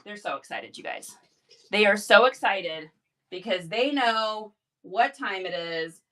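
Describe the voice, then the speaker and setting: A woman hosting a casual live stream, bubbly and excitable, talking into a phone. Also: a little slow. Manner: bubbly, excitable, high-energy. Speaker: live-stream reseller host.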